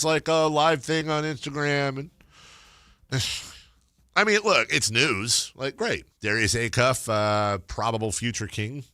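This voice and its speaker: Sports radio guy, sarcastic and jokey, bright punchy voice, dry studio sound. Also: mid-range voice, no room sound. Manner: animated, sarcastic, jokey with sudden loud outbursts. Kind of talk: sports talk radio banter. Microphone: studio microphone.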